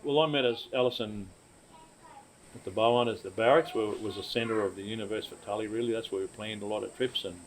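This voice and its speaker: An older man with an Australian accent, telling stories from his life in a relaxed, rambling way as an interviewee. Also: on the low side, quick pace, a little hiss or hum, rough recording. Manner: rambling, laid-back yarn-spinning with laughs. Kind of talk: casual storytelling.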